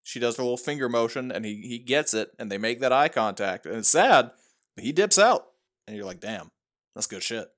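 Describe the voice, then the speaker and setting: Podcast co-host, man, animated, playful retelling, casual talk. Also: mid-range voice, brisk. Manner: animated storytelling, acts out quotes. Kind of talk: casual movie discussion.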